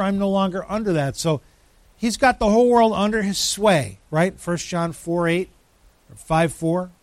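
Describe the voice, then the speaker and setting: A man preaching a sermon, emphatic, with dramatic pauses, rising lines and sudden drops to a hush. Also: high-pitched, dry recording. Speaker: pastor.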